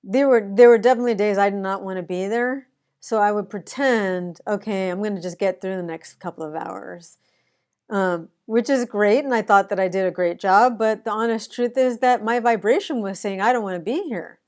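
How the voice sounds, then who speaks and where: A woman's voice: medium pitch, moderate pace, darkish tone, clear, resonant tone. A woman who works as an autism educator, talking earnestly and conversationally to the camera about honesty with feelings. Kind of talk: casual personal talk to camera.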